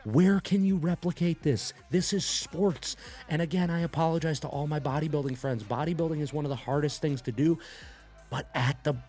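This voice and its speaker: A man with a fairly high voice, reacting with great enthusiasm and swearing freely as he hammers home his points. He speaks as a powerlifting coach, with faint music playing underneath. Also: brisk. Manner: excitable, emphatic, heavy swearing. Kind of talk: excited reaction commentary.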